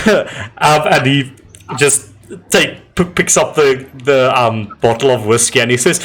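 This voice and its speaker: A man narrating as game master, lively and quick to laugh. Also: mid-range voice.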